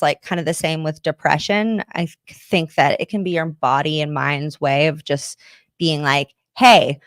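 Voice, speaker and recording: A woman's voice: on the low side, no room sound, clean studio sound. An American woman hosting a podcast, talking candidly and chattily to viewers, swearing casually as she goes. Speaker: podcast host. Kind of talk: candid livestream chat with viewers.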